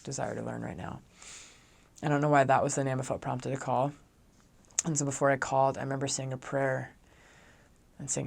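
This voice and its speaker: A man's voice: mid-range voice, vocal fry. A young man, a former missionary, telling a personal story in a chatty way, full of fillers, who raises his voice when quoting himself speaking kindly.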